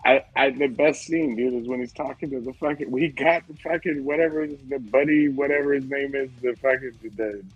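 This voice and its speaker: A man's voice: medium pitch, fairly quick, hardly any pauses, slightly rough, no echo, highs cut off, soft background music. A man co-hosting a podcast, chatting casually, cursing often and groping for words. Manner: profane, rambling, gropes for words. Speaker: podcast co-host. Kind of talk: casual chat.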